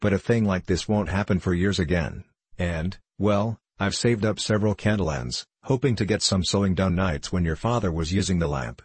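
A man reading the part of an energetic, affectionate Eastern mother in a storybook. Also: low voice, moderate pace, husky, dry recording. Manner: vigorous, affectionate.

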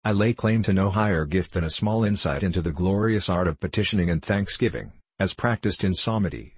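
A man's voice: low voice, brisk, husky, no echo. A man voicing a solemn, long-winded male psalm-singing teacher, using formal old-fashioned phrasing.

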